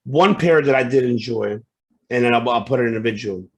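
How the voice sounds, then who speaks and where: A man's voice: mid-range voice, brisk. A man co-hosting a casual wrestling podcast, easygoing and agreeable in his replies. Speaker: podcast co-host.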